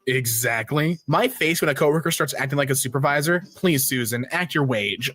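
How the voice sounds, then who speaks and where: A meme reaction streamer with a mid-range, fairly bright voice reads memes aloud, joking and briefly slipping into quick silly voices for the text. The recording is dry.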